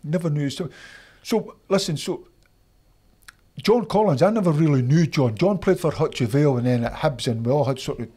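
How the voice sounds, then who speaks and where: Animated Scottish man telling stories. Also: a little high, normal speed, breathy edge. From Scotland. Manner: animated anecdotes, acts out voices of others. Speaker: interview guest, former footballer. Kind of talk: casual storytelling.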